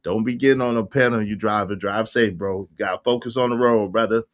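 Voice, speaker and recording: A man hosting a casual livestream chat, bantering loudly and giving shout-outs to viewers. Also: fairly low pitch, steady tone, a little fast. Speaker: livestream show host.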